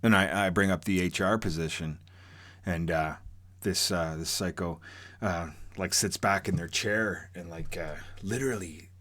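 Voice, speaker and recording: Low-voiced rambling man. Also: a little slow, a bit bright. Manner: rambling and profane, many fillers and restarts. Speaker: storyteller. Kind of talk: casual spoken true story.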